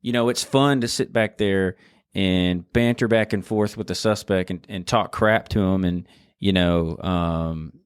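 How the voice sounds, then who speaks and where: A man with a fairly low voice hosts an interview, speaking candidly with plenty of fillers. The sound is dry and close, with no room around it. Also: a little slow, hardly any pauses, smooth, dry recording. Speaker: podcast host. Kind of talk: casual interview commentary.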